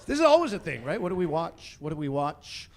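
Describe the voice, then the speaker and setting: Stand-up comic, man in his forties, high voice, animated storyteller who ramps into fake outrage. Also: fairly quick. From Canada. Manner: animated storyteller building to mock-indignant rants. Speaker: stand-up comedian. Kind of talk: stand-up comedy routine. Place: comedy stage before a live audience.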